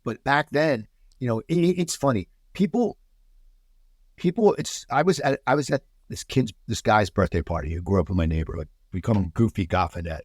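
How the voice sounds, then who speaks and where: A man from the United States talks as a podcast guest, his pitch bouncing up and down as he tells stories. He often restarts his sentences and circles back before getting to the point. The sound is close and dry, with no room around it. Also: normal speed, slightly rough, no room sound. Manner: animated storyteller, many restarts. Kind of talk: casual podcast chat.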